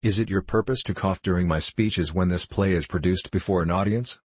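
A man's voice: deep voice, a little fast, breathy edge, no room sound. A man voicing a pompous, temperamental star actor with icy, theatrical outbursts, in an audiobook reading. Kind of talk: audiobook character voice.

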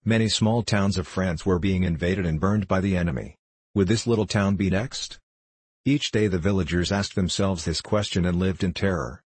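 A man narrating a storybook in a steady, solemn reading manner. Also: low-pitched, moderate pace, husky, dry recording.

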